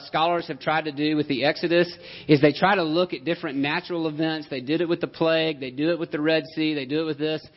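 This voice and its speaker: A man preaching a sermon in a conversational, emphatic style, with many rhetorical questions. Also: on the high side. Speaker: pastor. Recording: dull lo-fi sound.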